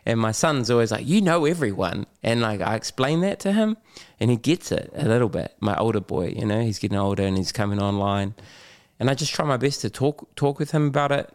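A middle-aged Kiwi podcast guest talks candidly in a medium-pitched, clear, resonant voice at a fairly quick clip. Animated as he spins his tales, he laughs often, swears casually, and acts out the things he said.

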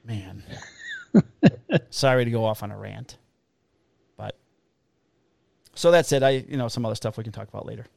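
A man, a police officer co-hosting a podcast, telling a story in a casual, animated way with a lot of swearing. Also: on the low side, moderate pace, creaky, pauses often, no echo. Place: Illinois.

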